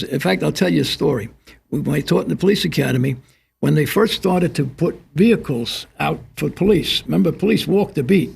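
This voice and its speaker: A man's voice: on the high side, vocal fry, a little mellow, breathy edge. An older man, a retired police instructor, talking thoughtfully on a studio panel and drawing lessons from stories. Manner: reflective, drawing lessons from anecdotes. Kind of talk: panel discussion on community TV.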